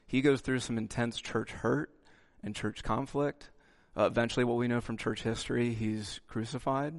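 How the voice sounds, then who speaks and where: With a medium-pitched voice, a male pastor delivers an animated sermon, peppering it with "okay" asides and dramatizing each quote he reads aloud.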